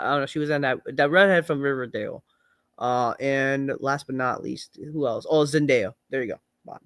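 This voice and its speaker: A man hosting a podcast in casual chat, rambling and halting with many fillers. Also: on the high side, fairly bright tone, dry recording, studio quality. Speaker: podcast host.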